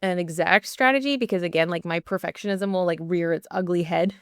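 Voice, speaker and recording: Young adult woman podcast host, chatty and candid, smooth crisp tone, dry close sound. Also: on the low side, brisk, dry recording. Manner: chatty, candid storytelling with many "like" fillers. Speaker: podcast host and performance coach. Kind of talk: solo podcast monologue.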